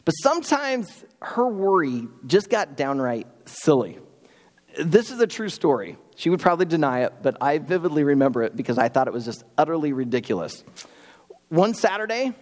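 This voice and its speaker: A young adult man preaching a sermon as pastor, telling stories in an animated, conversational way in a church sanctuary. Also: a little high, moderate pace. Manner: animated storytelling, lively and conversational. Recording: long hall reverb.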